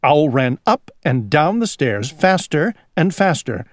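A woman, whose first language is Chinese, reading an English picture book aloud to children in a slow, expressive way. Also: a bass voice, no echo, studio quality.

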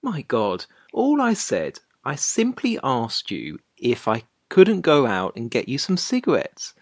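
A woman's voice: a bass voice, wildly swooping pitch, a little slow, darkish tone, husky, no room sound, studio quality, full character voice. A woman voicing an anxious young man who pleads and grows exasperated in a dramatized story. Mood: pleading. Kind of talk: dramatized short story reading.

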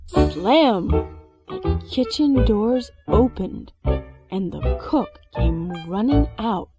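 A woman, an English teacher reading a storybook aloud with expressive sound words. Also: on the high side, slow pace, muffled recording. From China. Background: soft music.

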